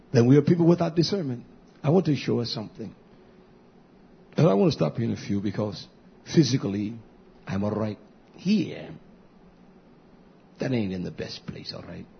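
A male preacher with a raspy, breathy voice delivers a sermon, repeating lines for emphasis and climbing to loud high bursts. The recording is muffled and lo-fi, with the treble rolled off. His pitch sits in the middle range for a man. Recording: dull lo-fi recording.

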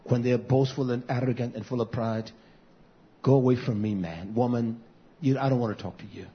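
A man preaching a sermon as pastor, impassioned and swinging between loud and hushed passages. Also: medium pitch, fairly even intonation, normal speed, slightly rough. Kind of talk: sermon to a live stream. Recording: dull lo-fi recording.

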